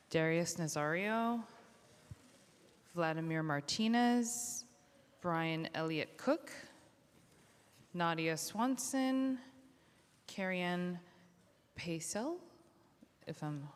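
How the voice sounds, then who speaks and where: A woman council member chairing a public hearing, speaking earnestly in a halting way with many fillers and restarts, recorded in a city council chamber on a desk microphone. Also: on the low side. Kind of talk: chairing a hearing, thanking witnesses. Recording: long reverb of a large chamber.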